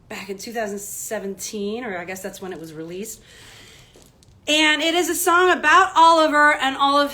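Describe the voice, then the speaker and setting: A woman, a children's singer and storyteller, talking gently and playfully to young children on a home livestream. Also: fairly high pitch. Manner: soft, coaxing, playful.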